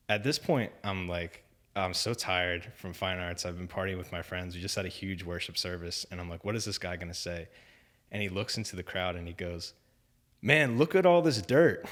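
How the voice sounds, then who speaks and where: A young man telling a story on a podcast in casual chat, animated, acting out other people's lines. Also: low voice. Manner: animated storyteller, acts out quoted voices, lots of "like" and "man". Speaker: podcast guest.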